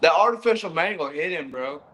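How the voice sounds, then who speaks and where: Chill guy with a bright kinda high voice, mostly short easy replies. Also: lively intonation, a little fast. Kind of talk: casual chat.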